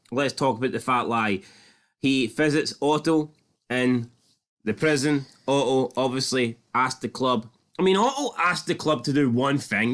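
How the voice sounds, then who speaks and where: This is a man co-hosting a casual podcast. He talks in a loose, joking way, swearing freely as he breaks down a TV episode. His voice sits at an ordinary middle pitch. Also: a bit bright. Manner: chatty, jokey, swears freely. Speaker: podcast co-host. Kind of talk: casual TV recap chat.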